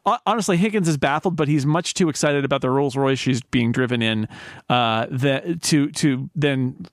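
A man's voice: mid-range voice, normal speed, dry recording, studio quality. A man hosting a podcast, recapping a show in a rambling casual way. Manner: rambling recap, many restarts. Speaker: podcast host. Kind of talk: casual chat.

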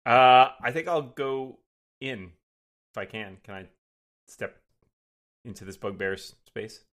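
A man's voice: medium pitch, slow pace, a bit bright. A man playing a tabletop game, asking rules questions and cracking jokes. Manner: jokey, asks rules questions. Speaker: player.

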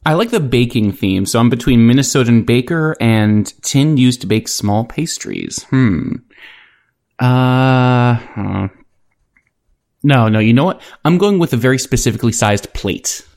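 A man's voice: mid-range voice, animated, unhurried, darkish tone. A man weighing options aloud in a word game, changing his mind mid-thought. His mid-range voice rises and falls a lot. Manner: thinking aloud, wavering. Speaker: panelist.

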